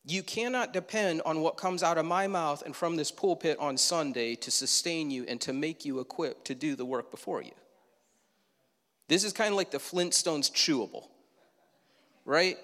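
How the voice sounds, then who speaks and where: A man's voice: fairly high pitch, moderate pace, a bit bright, big-room sound. A man preaching a sermon from the pulpit in a conversational way, asking his listeners questions and adding asides. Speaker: pastor. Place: church sanctuary.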